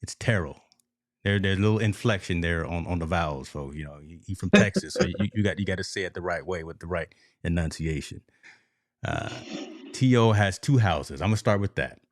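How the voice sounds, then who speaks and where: Male sports podcast host, very low voice, dry close sound, animated storyteller. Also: brisk, no room sound. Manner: animated storytelling, addresses listeners as folks. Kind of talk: casual sports talk.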